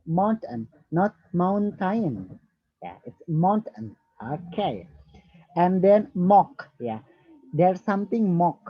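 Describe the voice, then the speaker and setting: A man with an Indonesian accent, a native Indonesian speaker, giving English feedback in an online lesson and slowly repeating words while correcting pronunciation. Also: fairly high pitch, no echo. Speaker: English tutor. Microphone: video call. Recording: dull lo-fi video call audio.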